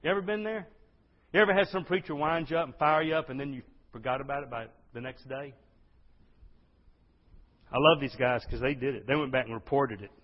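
An exuberant man preaching to his congregation, his husky voice leaping up in excitement and then dropping low. His middle-pitched tone comes through a dull, lo-fi recording. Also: a little fast, pauses often. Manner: exuberant, swings from loud to hushed. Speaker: pastor. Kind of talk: sermon. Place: church sanctuary. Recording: dull lo-fi sound.

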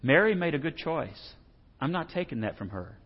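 A man voicing a calm, gentle male teacher who corrects kindly and softly. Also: a little high, normal speed. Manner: soft, gentle. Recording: dull reverberant hall sound.

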